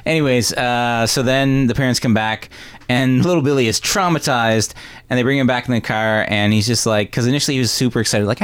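A man's voice: medium pitch, a little fast, clean tone. A man casually recapping a film with friends, acting out lines in exaggerated voices. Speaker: podcast host recapping a film. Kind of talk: casual chat.

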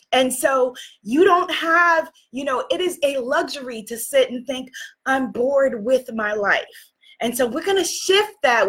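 A woman's voice: high voice, fairly bright tone, breathy edge. A woman in her forties hosting a spiritual livestream from a makeshift home studio, greeting viewers by name and speaking in an effusive, inspirational way. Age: 40s. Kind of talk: casual livestream talk. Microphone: phone or computer camera.

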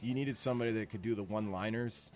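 A man co-hosting a casual comedy podcast, loud and profane, laughing often. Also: on the low side, fast. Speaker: podcast co-host.

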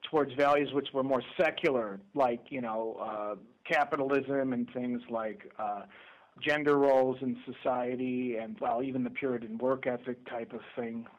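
A man's voice: mid-range voice, fairly even intonation, moderate pace. A man who is a literature professor, answering interview questions in a hesitant, thoughtful way. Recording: dull lo-fi clip.

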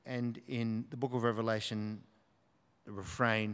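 A man's voice: lowish voice, flat delivery, unhurried, fairly bright tone, clean tone. A man preaching a sermon in a church, earnestly reading scripture aloud with emphasis. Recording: long hall reverb.

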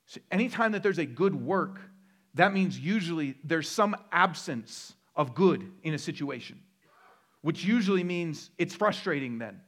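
A man's voice: on the high side, expressive, unhurried, fairly bright tone. A middle-aged man, a pastor, preaching a sermon in a conversational way, joking with the crowd and building to emphatic repeated lists.

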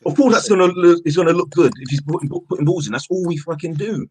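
A man's voice: a little high, fast, slight background noise, poor audio. A frustrated man in a heated casual football chat, stammering, repeating words and swearing. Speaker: football fan panelist. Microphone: own mic on an online call.

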